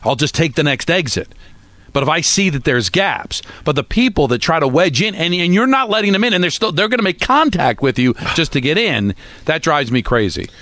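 A man's voice: fairly high pitch, very animated, fairly quick, a bit bright, no echo. A man co-hosting a radio show, talking in a sheepish, confessional, self-deprecating way. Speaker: radio co-host. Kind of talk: casual radio banter.

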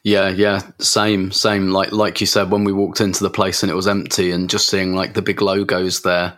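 Low, flat-voiced man. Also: moderate pace. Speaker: podcast co-host. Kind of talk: casual chat.

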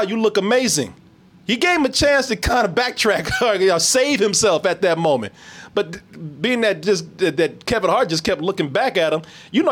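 A man hosting a casual reaction chat, animated, laughing often and swearing freely. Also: high-pitched. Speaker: podcast host.

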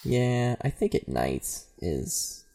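A playful man runs a podcast riddle game as game master, with a wry delivery. He speaks slowly with a gravelly edge, and his pitch swings widely from low rumbles to high jumps. His tone stays mellow and dark. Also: sing-song. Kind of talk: podcast tabletop narration.

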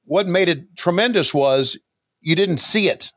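A man's voice: sits high, unhurried, fairly bright tone, no room sound. An older man co-hosting a casual chat, making dry, wry comments. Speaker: podcast co-host.

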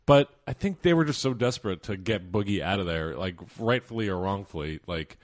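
A man's voice: on the low side, animated, fairly quick. A man co-hosting a podcast in casual sports chat, hedging and thinking aloud as he makes his point. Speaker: podcast co-host.

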